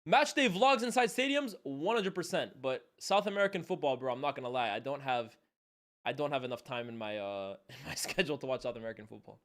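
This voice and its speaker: A young man from Canada streaming a football watchalong, chatting casually in slang with loud reactions and quiet muttered asides. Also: mid-range voice, expressive, quick pace. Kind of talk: live match watchalong commentary.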